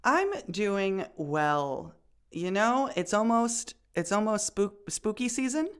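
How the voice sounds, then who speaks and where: A woman's voice: mid-range voice, expressive, takes it slowly, clear, resonant tone. Giggly, playful woman co-host. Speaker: podcast co-host. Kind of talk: casual chat.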